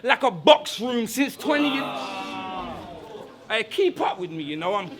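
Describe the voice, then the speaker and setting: A man performing taunting rap verses at a live battle, shouting his punchlines at an opponent. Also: extremely high pitch, big pitch swings, a little slow, a crowd in the background. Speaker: battle rapper.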